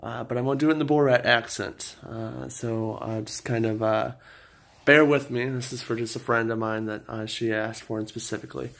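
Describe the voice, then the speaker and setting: A man's voice: mid-range voice, fairly even intonation, moderate pace, vocal fry, a bit bright. A man vlogging to his channel in a hesitant, casual way, full of fillers. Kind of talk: casual vlog talk.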